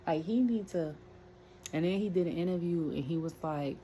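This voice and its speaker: Brief: woman, low voice, rambling wrestling rant, faint room hiss. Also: normal speed, dark tone. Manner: rambling, chatty, many fillers and asides. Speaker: wrestling commentary vlogger. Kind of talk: casual rant.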